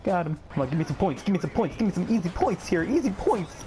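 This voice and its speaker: A young man talks over his own gameplay, his voice jumping from low mutters to sudden shrill yelps. He groans, swears and reacts loudly to every moment. Faint game music plays underneath. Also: very animated, fast talker, few pauses. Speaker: gaming channel host. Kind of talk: live gameplay commentary.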